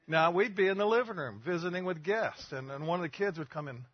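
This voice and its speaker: A man's voice: on the high side, animated, quick pace, hardly any pauses, breathy edge, no echo, highs cut off. An older man preaching a sermon in a folksy storytelling manner, asking the listeners questions.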